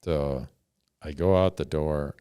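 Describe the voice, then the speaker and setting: A man's voice: very deep voice, steady tone, slow pace, dark tone, smooth, dry recording, clean studio sound. A middle-aged man, a podcast host, telling a story in a laid-back, wry way. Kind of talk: casual storytelling.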